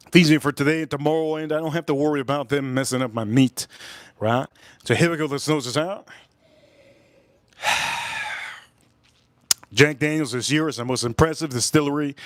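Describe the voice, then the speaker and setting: A middle-aged man with a Miami accent rambles through a casual whiskey livestream. He drags his phrases out and keeps repeating himself. His voice sits a bit high and sounds close and dry, with no room around it. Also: no echo. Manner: rambling, repetitive, drawn-out phrases. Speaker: whiskey reviewer and livestream host.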